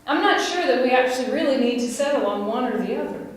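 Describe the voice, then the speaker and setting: A woman's voice: high voice, lively intonation, fast talker, slight background noise. West Virginian woman preaching in an echoey church. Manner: conversational, laughs and asks the congregation questions. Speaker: pastor. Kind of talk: sermon. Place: church sanctuary. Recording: echoey church hall mic from a distance.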